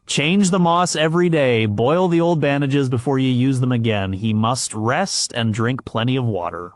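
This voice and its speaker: A man's voice: medium pitch, normal speed, dry recording, lightly acted. A man voicing a stern old woman healer who gives firm instructions in a story.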